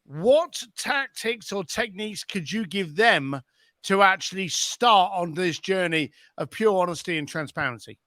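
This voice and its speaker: A man's voice: sits high, animated, pushed and bright, dry recording. Emphatic male host, dry close sound. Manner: emphatic, slows down to pose questions. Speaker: podcast host. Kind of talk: interview questioning.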